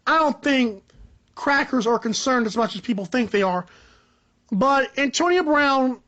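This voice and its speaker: Young man, podcast host, high-pitched, animated, rambling, joking, dull lo-fi recording. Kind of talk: solo sports podcast rant.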